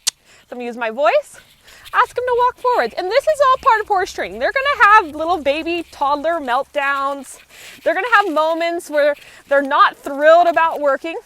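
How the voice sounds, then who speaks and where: A woman horse trainer with a high, bright voice talks through her work outdoors. She keeps her tone calm and low-key and explains each step as she goes. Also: normal speed, no room sound. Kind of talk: live training commentary.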